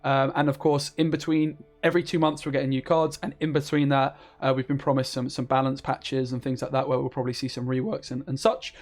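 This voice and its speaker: A man's voice: mid-range voice, flat delivery, brisk, few pauses. Enthusiastic man reviewing game cards. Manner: chatty and enthusiastic, with frequent fillers. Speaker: card game content creator. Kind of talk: casual card review commentary.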